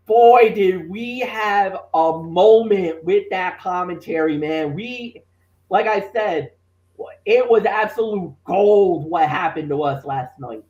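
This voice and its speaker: A man hosting a podcast, recapping a wrestling show in a lively storytelling manner and acting out his own commentary calls. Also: high-pitched, slow pace. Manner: animated storytelling, reenacts commentary. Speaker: podcast host. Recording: roomy, distant from the mic.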